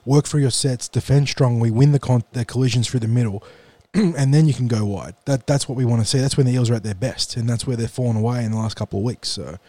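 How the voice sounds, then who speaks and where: A man co-hosting a sports podcast, sounding hoarse and nasal from a cold, giving brisk match predictions. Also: medium pitch, dark tone, no echo. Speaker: podcast co-host. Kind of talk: casual sports podcast chat.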